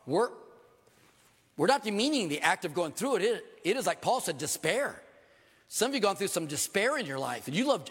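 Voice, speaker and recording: A man's voice: sits high, fairly bright tone, breathy edge. An older man preaching a sermon as pastor in church, earnest and emphatic, repeating key phrases. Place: church sanctuary. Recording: long hall reverb.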